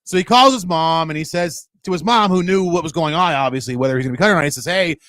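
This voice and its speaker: A man co-hosting a sports radio show, talking in a casual, animated and self-mocking way, often laughing. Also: on the high side, fast talker, no echo.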